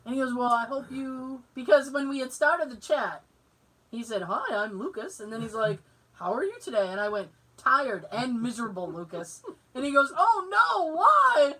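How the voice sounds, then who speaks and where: A woman's voice: a little high, animated, normal speed, a bit bright, low-quality recording. A woman co-hosting a podcast. She tells stories in casual chat, laughs often, acts out the voices she quotes and swears freely. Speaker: podcast co-host.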